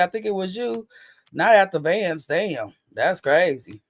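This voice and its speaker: A man's voice: high voice, lively intonation, unhurried, dry recording, clean studio sound. A man hosting a livestream, chatting loosely and profanely straight to his viewers. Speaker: livestream host. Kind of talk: casual livestream chat.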